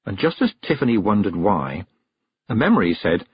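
A man narrating a fantasy novel aloud in a lively, expressive storytelling manner. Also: fairly low pitch, moderate pace, slightly rough, no room sound. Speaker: audiobook narrator. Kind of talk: scripted narration. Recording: dull, dry close recording.

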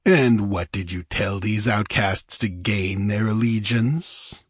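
A man's voice: medium pitch, expressive, normal speed, husky, no room sound, clean studio sound. A man reading aloud, voicing a hot-tempered, ambitious male bandit chief with a commanding, sardonic manner. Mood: angry, menacing.

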